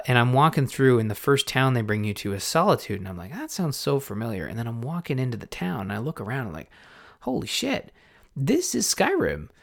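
A man hosting a gaming podcast in a casual, rambling way, often stopping himself mid-thought and getting excited. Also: mid-range voice. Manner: rambling, self-interrupting, excitable. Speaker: podcast host. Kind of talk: casual chat.

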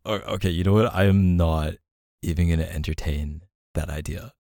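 A man's voice: low voice, level tone, slow pace, creaky, pauses often, a little mellow, dry recording, clean studio sound. A man doing an audio role-play as a boyfriend, teasing and affectionate and laughing often.

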